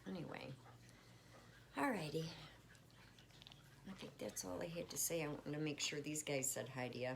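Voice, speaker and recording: Casual home vlogger, woman, deep and a bit creaky, faint room hiss. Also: normal speed, pauses often. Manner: chatty, warm toward her pets, frequent fillers. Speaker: spiritual vlogger. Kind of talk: casual check-in chat. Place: at home with pets.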